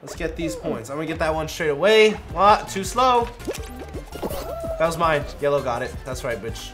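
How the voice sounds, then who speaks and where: A young man giving excitable live gameplay commentary, trash-talking and yelling in bursts. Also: fairly high pitch, moderate pace. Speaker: gaming YouTuber. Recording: music playing behind.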